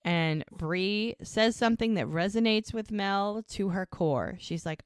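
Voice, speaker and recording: A woman with a lowish voice casually recaps an episode on a podcast, acting out each scene by quoting the characters' lines in turn. The sound is dry and close, with no room echo at all. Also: measured pace, few pauses, clear, resonant tone. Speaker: podcast co-host.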